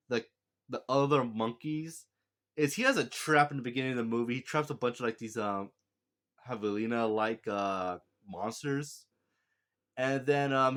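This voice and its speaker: A man talking through a movie review in a loose, chatty way. He rambles, laughs often and keeps correcting himself mid-sentence. His voice sits at an ordinary middle pitch. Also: a bit bright. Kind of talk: casual spoken movie review.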